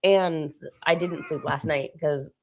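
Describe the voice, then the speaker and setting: A woman's voice: low-pitched, steady tone, slow pace. A woman co-hosting a casual travel chat, stuffy with a head cold, talking in a bubbly way. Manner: chatty, bubbly, laughs often. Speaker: co-host. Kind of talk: casual live-stream chat.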